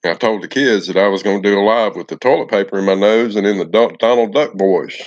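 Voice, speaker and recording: A folksy, affectionate man talks casually to his viewers on a live stream and greets them by name. His voice sits on the low side. The audio is dull and lo-fi. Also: fast.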